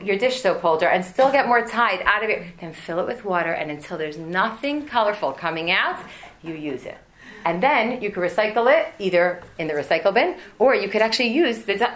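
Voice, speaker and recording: Woman, 40s, teaching a class; slightly high voice, animated humorous storyteller. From United States. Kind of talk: religious lesson to an audience.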